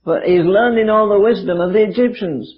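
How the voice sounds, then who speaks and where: An older man preaching with a high, lifted voice, spinning stories and rhetorical questions with a dry wit. The old recording is dull and muffled. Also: a little fast. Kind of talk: sermon. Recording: dull lo-fi archive sermon recording.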